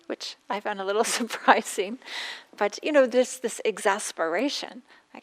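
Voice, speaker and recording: A woman meditation teacher giving a dharma talk, speaking gently with pauses and a slightly scratchy throat. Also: mid-range voice. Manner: gentle, soft-spoken with frequent pauses and fillers.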